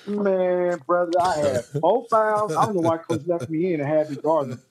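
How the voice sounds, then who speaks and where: A man, a former pro basketball player, telling stories in a relaxed, slangy way and laughing often. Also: on the high side, normal speed, a crowd in the background, rough recording. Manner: laid-back, slangy, laughing storyteller. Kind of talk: casual storytelling chat.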